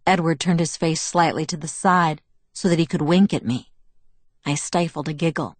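Low-voiced woman narrating a novel. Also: normal speed, husky, no room sound. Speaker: audiobook narrator. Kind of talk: scripted narration.

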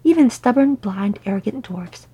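A woman voicing a proud male dwarf king who is gruff and grumbles sulkily. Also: mid-range voice, expressive, moderate pace, mellow. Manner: grumbling, sulky pleading.

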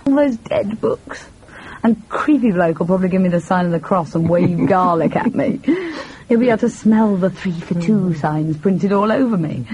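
A young woman with a husky voice, speaking in a sardonic, dry and sharp-tongued way. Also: fairly low pitch, animated, normal speed, low-quality recording. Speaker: daughter character. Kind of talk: drama acting.

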